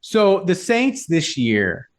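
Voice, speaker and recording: Male sports podcast host, lively pitch, chatty and rambling. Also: slow pace. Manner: rambling, filler-heavy, animated storytelling. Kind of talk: casual sports chat.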